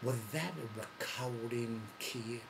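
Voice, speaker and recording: A man doing an impression of a gruff veteran male wrestling promoter who drawls slowly and calls people baby and kid. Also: mid-range voice, background noise. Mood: teasing.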